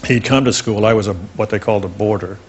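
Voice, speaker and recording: An older man speaks in a low, settled voice as a guest on a studio talk show. He reminisces fondly and unhurriedly about the people he has known. A faint hiss sits under the recording. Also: quick pace, muffled recording.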